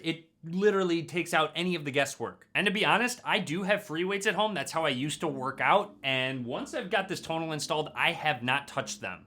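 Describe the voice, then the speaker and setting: A young man presenting a home product review vlog in an upbeat, clear presenter manner, recorded in a room at home. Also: fairly high pitch, fairly quick, few pauses, pushed and bright. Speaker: tech reviewer. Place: home room with a wall-mounted gym.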